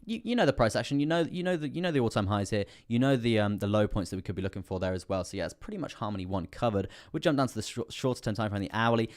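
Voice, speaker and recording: A young British man with a fairly low, expressive voice hosts a crypto livestream, analysing price charts live at a rapid-fire pace with few pauses. His talk is loose and rambling, packed with fillers and repeated "coming through there", and his voice sounds slightly strained.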